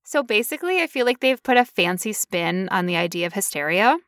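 A woman's voice: mid-range voice, animated, fairly quick, a bit bright, dry recording, studio quality. A woman co-hosting a podcast, talking casually with sarcastic asides. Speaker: podcast co-host.

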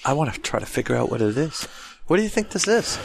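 A man's voice: medium pitch, very animated, creaky, slight background noise. A man co-hosting a podcast, chatting casually, joking and teasing his co-hosts. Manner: joking, teasing, quick to laugh. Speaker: podcast co-host. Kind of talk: casual chat.

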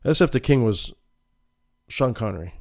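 A man's voice: mid-range voice, expressive, normal speed, vocal fry. A man hosting a commentary podcast, reading news stories aloud and breaking off into sarcastic, mock-emotional asides. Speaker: podcast host. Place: Florida.

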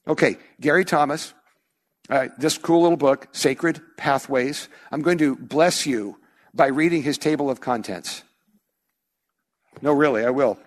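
A man's voice: medium pitch, unhurried. A male pastor preaching a sermon in a church, talking conversationally and acting out little quoted voices of his listeners. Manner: conversational, animated with acted-out quotes.

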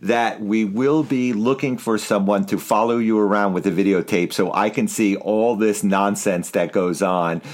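A man's voice: on the low side, fairly even intonation, moderate pace, few pauses. A man chatting casually as a co-host, dry and teasing. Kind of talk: casual chat.

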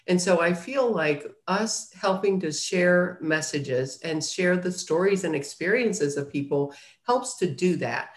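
Woman publisher telling stories, earnest, kinda echoey room. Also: low voice. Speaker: guest, publisher. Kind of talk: casual interview talk. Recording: roomy echo.

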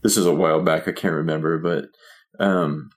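A man from Oklahoma answering interview questions as a guest. His voice sits very low. He speaks hesitantly, with many fillers, as he searches for words. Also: steady tone, normal speed. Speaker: interview guest, songwriter and filmmaker.

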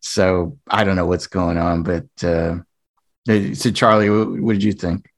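A man's voice: low voice, fairly even intonation, a little slow. A man co-hosting a casual panel chat, speaking hesitantly and carefully with fillers. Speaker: podcast co-host.

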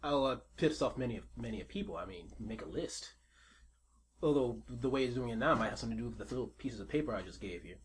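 A fast-talking man narrating a tabletop game as its game master. His pitch swings widely as he describes the action. A faint hiss sits under the recording. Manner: animated, quick, laughs easily. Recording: faint background noise.

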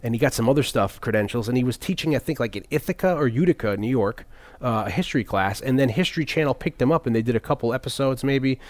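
A middle-aged man telling a story in casual chat, animated and acting out the people he quotes. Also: mid-range voice, fast, no room sound. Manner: animated, acts out quotes with voices.

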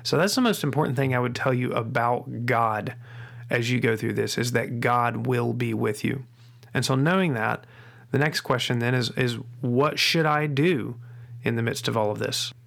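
Middle-aged male podcast host, gravelly voice, earnest and reflective delivery, repeats key lines slowly, frequent restarts. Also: mid-range voice, fairly bright tone. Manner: earnest, repeats key phrases with slow emphasis; frequent restarts and doubled words. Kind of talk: faith-based parenting podcast talk.

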